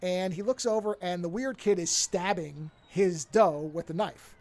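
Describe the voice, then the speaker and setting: With a high-pitched, slightly mellow voice and a measured pace, a male podcast co-host wanders through a film's storyline. He keeps revising details mid-story as he casually rambles on.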